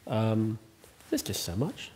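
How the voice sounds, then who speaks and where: A man's voice: fairly low pitch, huge pitch swings, slow, darkish tone, breathy edge. A man, the host, talking casually in an interview, rambling and chatty with many ums and restarts. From Ireland. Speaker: host and estate owner.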